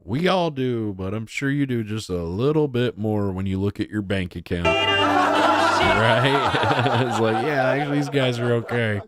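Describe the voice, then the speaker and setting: A man's voice: mid-range voice, very animated, unhurried, over loud music. A young man hosting a podcast, giving rambling casual commentary full of filler words. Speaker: podcast host.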